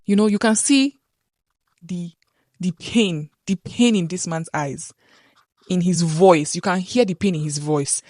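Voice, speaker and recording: A woman's voice: fairly low pitch, measured pace, darkish tone, no room sound, soft background music. A woman from Nigeria, hosting opinion commentary in an earnest, insistent way, firing rhetorical questions. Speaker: commentator host.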